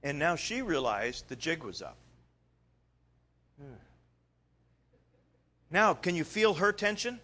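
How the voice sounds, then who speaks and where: A male preacher retelling a story in a sermon, animated, swinging between loud bursts and quiet asides. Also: a little high, slow pace, long pauses.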